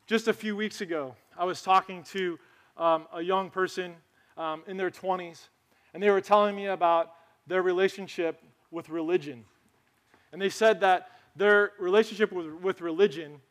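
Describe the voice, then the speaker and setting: A man giving a conversational sermon as pastor, telling stories and asking his congregation questions. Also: high voice. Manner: conversational, storytelling, asks the crowd questions. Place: church sanctuary.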